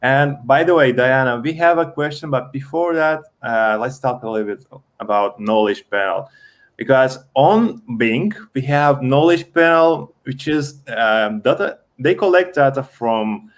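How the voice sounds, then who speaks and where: A man hosting a casual live-stream interview, speaking in a halting way with fillers. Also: mid-range voice, animated. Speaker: host.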